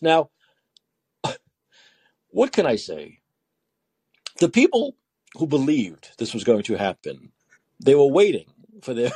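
A man's voice: on the high side, warm tone, breathy edge, no room sound. A man hosting a late-night call-in show, sarcastic and laughing as he reads the news aloud. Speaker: talk show host.

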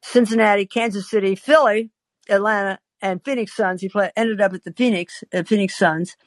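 In this storytelling monologue, an older woman podcast host confides a personal story wryly, her medium-pitched voice steady and moderately paced. Small hesitant fillers frequently interrupt her, and the sound is close and dry, with no room sound.

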